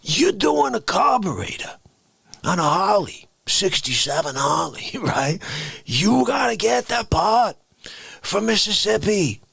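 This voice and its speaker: A man hosting a satirical comedy livestream, ranting in a mock-indignant way and repeating catchphrases, jumping between shouts and hushed whispers. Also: high-pitched, big pitch swings, takes it slowly, creaky, husky, no echo.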